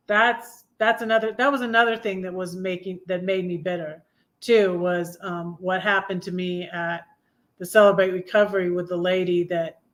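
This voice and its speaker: A woman's voice: lowish voice, steady tone, a little slow. Rambling, confiding woman in her fifties. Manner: rambling, confiding, frequent self-corrections. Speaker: livestream host. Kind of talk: casual personal storytelling.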